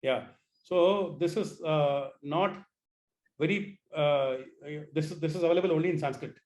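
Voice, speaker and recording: A man teaches an online class, his voice sitting a little high. He restarts phrases often and coaxes his students to repeat the sounds after him. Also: moderate pace, darkish tone, slight background noise. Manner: repeats words, asks students to try sounds.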